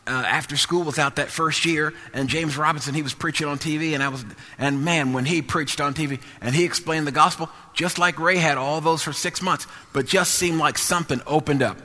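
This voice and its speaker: A man's voice: fairly high pitch, steady tone, normal speed, sharp tone, in a large hall. A man preaching a testimony sermon with emphatic, repetitive phrasing that builds to sung-out peaks.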